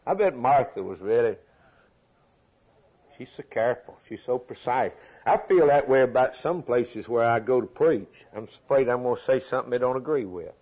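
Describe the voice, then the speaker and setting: Male preacher, slightly husky, emphatic repetitive sermon delivery. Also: medium pitch, lively intonation, normal speed, darkish tone, rough recording.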